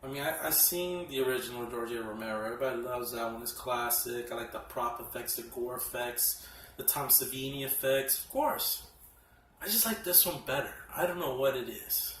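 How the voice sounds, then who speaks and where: A man casually reviewing horror films from his collection, excitable and profane, often laughing as he talks. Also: mid-range voice, brisk, slight background noise. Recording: echoey room, mic at a distance.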